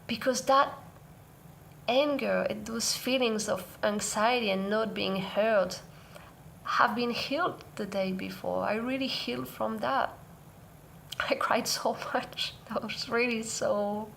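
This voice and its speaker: A woman vlogger sharing a personal parenting story in an earnest, soft-spoken, reflective way. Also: fairly high pitch, gravelly, a little hiss or hum. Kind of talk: heartfelt personal sharing to camera.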